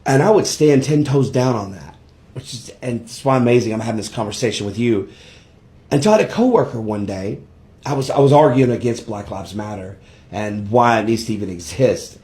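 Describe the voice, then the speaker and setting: Guy telling his own story, earnest, warm mellow voice, goes up and down a lot. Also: mid-range voice, expressive, fairly quick. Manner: earnest storytelling, acts out a coworker's lines. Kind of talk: personal story told on camera.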